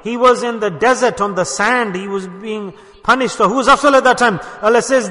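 High bright preacher in an echoing hall. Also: male voice, a little fast, hardly any pauses. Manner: emphatic, swings from loud exhortation to hushed asides. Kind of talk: sermon.

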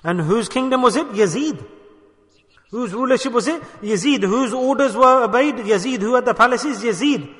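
Male preacher, high and bright, emphatic sermon delivery with sudden hushed drops, long hall echo. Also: normal speed. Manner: emphatic, swings from loud exhortation to hushed asides.

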